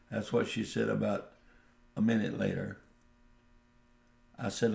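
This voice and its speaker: Man, preacher, slow folksy storytelling, gravelly fry, echoey room. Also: fairly low pitch. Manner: slow, folksy anecdotal telling with quoted dialogue. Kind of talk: radio sermon storytelling.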